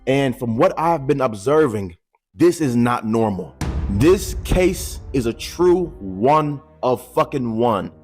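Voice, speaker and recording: A man's voice: medium pitch, lively intonation, slow pace, a little mellow, soft background music. A man giving casual YouTube commentary, slangy and joking, with boastful asides to the camera.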